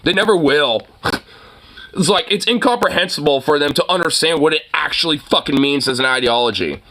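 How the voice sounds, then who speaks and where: Forceful, fast-rambling ranting man. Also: on the high side, expressive. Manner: rambling, heavy filler words, frequent mocking laughter. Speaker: online commentator. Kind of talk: profane political rant.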